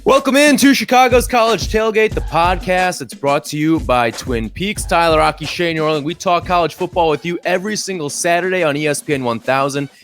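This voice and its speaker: A man's voice: a little high, fairly quick, hardly any pauses, a bit bright, faint music behind. Upbeat man co-hosting a sports podcast. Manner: upbeat, teasing banter. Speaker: podcast co-host. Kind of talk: casual sports chat.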